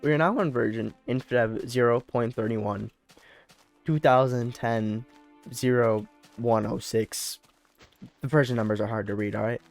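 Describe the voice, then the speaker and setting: Young guy talking over his game, keeps restarting sentences, mid-pitched, faint music under it. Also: steady tone, unhurried, creaky. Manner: rambling, self-correcting, repeats words. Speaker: let's play host. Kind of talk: casual gameplay commentary.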